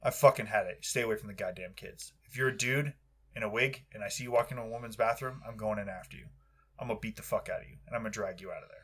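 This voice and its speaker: A man's voice: on the low side, very fast, fairly bright tone, breathy edge. A young man on a podcast giving an angry, profanity-heavy rant with aggressive, heated delivery. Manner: heated, aggressive, swears constantly.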